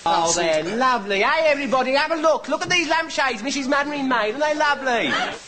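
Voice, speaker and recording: A man's voice: very high-pitched, expressive, quick pace. An actor playing a cheeky young male wartime home guard private with a regional English accent, in an old sitcom clip.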